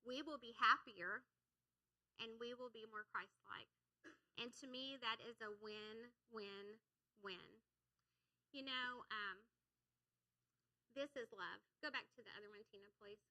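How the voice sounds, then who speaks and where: Woman preacher, high and very bright voice, energetic, draws the room into call-and-response. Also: a little slow, long pauses, rough recording. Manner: energetic, coaxing the congregation. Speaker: church speaker. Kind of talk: sermon with audience call-and-response. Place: church sanctuary.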